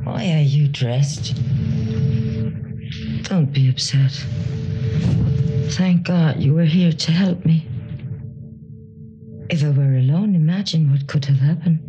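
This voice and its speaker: A clingy mother pleads in a slow, deep, guilt-laden voice. The film clip sounds dull and muffled, with music running underneath. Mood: pleading. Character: clingy frail mother, older woman.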